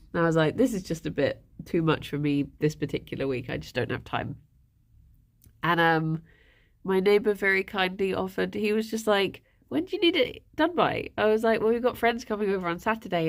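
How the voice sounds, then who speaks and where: A woman, livestreaming and chatting casually with viewers, rambling and laughing often. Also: lowish voice.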